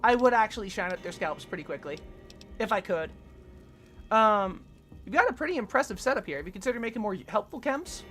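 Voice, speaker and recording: A woman's voice: mid-range voice, animated, a little fast, a bit bright, faint music behind. A woman streaming a game with casual, crude, joking commentary and frequent sighs.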